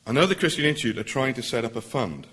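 A middle-aged man, a barrister, addressing a public meeting in an earnest, emphatic way that builds to forceful points. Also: mid-range voice, big pitch swings, fast. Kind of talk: public speech.

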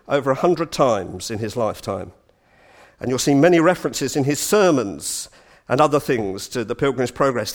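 Animated man telling a story. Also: medium pitch. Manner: animated, with chatty asides. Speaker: speaker giving a talk. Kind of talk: storytelling lecture.

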